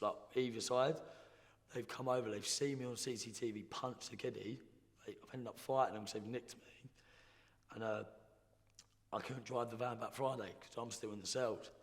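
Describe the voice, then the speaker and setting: A young man tells his story bluntly, in slang, often stopping and restarting. His voice sits at an ordinary middle pitch. The sound rings with a long reverb, like a big hall. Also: steady tone, normal speed. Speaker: guest. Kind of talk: casual storytelling.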